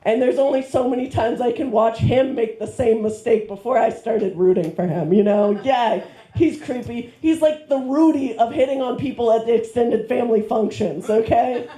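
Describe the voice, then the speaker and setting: A woman's voice: a little high, normal speed, warm tone. A woman performing a stand-up set, rambling with fillers and self-deprecating jokes, on a handheld mic in a comedy club. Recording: roomy club sound.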